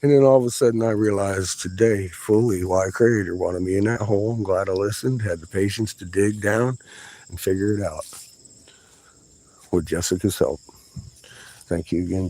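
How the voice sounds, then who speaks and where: Low-voiced, cursing man vlogging outdoors. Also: steady tone, normal speed, dark tone, rough recording. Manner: profane, agitated, exclaiming. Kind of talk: rambling vlog monologue. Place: outdoors in a yard.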